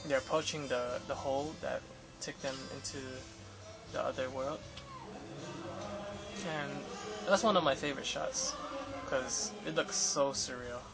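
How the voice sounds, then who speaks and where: A man's voice: mid-range voice, a little slow, gravelly, poor audio. A young man in a casual vlog, recounting an interview with photographers in a rambling way, full of fillers and restarts. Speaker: vlogger. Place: Los Angeles area. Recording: music playing behind.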